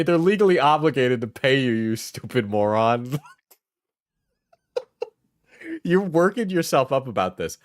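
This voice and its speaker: A man's voice: medium pitch, very animated, unhurried, long pauses, no echo, clean studio sound. A man reacting to a clip as a streamer, mocking and profane, with bursts of laughter. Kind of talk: reaction commentary.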